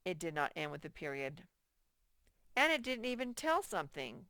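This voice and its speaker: A woman teaching a first-grade workbook lesson in a slow, patient way, repeating key points and reading example sentences aloud very slowly. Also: on the low side, very animated, bright, forceful tone, no room sound, clean studio sound. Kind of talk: recorded workbook lesson for children.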